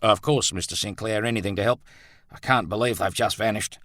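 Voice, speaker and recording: A man's voice: on the low side, brisk, fairly bright tone, dry recording, studio quality, close to an everyday voice. A man voicing an earnest, shaken young male gardener who speaks respectfully.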